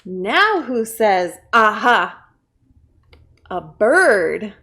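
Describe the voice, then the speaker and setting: Lively high-voiced woman reading a story. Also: takes it slowly. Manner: playful, with big shouted exclamations. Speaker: children's librarian. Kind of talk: reading a picture book aloud to children.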